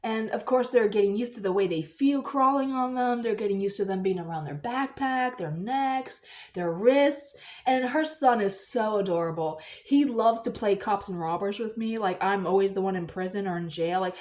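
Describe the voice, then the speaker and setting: A woman vlogging in a casual, rambling storytelling way, acting out the people she quotes with sudden high, excited voices. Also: normal speed. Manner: animated, acts out quoted voices in high squeals.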